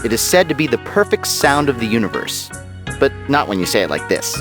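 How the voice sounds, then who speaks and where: A man's voice: mid-range voice, very animated, fairly quick, lightly acted. A man voicing a jokey, irreverent male AI companion in a video game, cracking sarcastic asides. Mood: wry. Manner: sarcastic, playful, chants and sings. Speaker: wisecracking sidekick in a video game. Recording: game audio with music behind. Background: game music.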